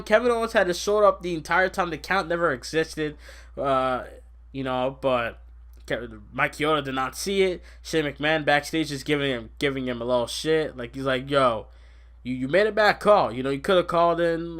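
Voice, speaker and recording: A young man hosting a casual podcast, rambling excitably about wrestling and laughing often. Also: fairly high pitch. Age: young adult. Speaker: podcast host. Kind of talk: casual wrestling recap chat.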